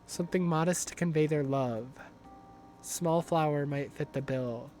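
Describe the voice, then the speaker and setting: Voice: medium pitch, a little slow, darkish tone, soft background music. A livestreamer commenting on a game while playing, ranting in exasperated, swearing outbursts and repeating phrases over and over. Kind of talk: live gaming commentary.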